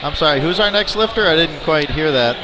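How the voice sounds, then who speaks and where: A man's voice: a little high, expressive, brisk. Chatty man announcing a lifting meet. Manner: chatty, jokey asides between lifts. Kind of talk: live powerlifting commentary. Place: indoor competition venue. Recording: noisy arena ambience.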